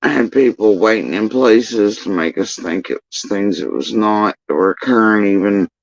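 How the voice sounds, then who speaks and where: A man's voice: lowish voice, moderate pace, vocal fry, no echo. A man telling a long, agitated, profane story on a livestream, repeating himself as he goes. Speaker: livestreamer recounting personal events. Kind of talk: rambling livestream monologue. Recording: dull lo-fi stream audio.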